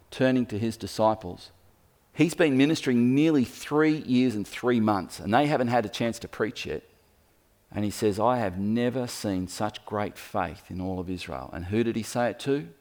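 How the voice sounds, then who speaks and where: A man preaching a sermon in a lively storytelling manner, speaking to the room as he points at a map. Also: medium pitch. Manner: lively storytelling, acts out quoted voices.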